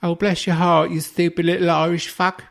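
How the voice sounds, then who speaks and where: A man's voice: a little high, flat delivery, moderate pace, gravelly, voice pushed up. A man voicing a sugary, condescending English call-center woman with a cooing, patronizing manner. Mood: mocking. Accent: English, as put on.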